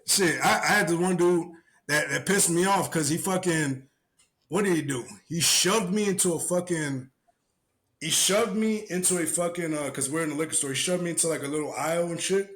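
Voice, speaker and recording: A young man co-hosting a casual podcast, telling stories with lively, shouted quotes. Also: a little high, fairly quick. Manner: animated storyteller, acts out shouted quotes. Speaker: podcast co-host.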